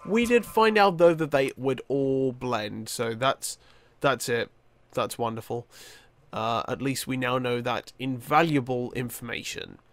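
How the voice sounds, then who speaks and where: Young male gamer, sleepy and slow-paced, chatty with bursts of excitement. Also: mid-range voice, no room sound. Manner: chatty, rambling, with many fillers and sudden excited outbursts. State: tired, yawning. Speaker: gaming YouTuber. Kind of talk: casual let's-play commentary.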